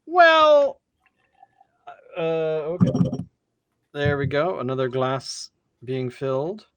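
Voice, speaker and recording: A man hosting a casual livestream beer tasting, excitable and prone to stammering restarts. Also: a little high, slow pace, clear, resonant tone, no echo, muffled recording. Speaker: host of a beer review show.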